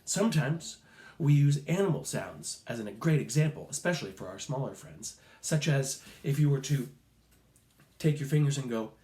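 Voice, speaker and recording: A man teaching a recorded music lesson to children, slow, patient and encouraging, sometimes making playful animal sounds. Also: mid-range voice, lively intonation, warm tone, roomy sound.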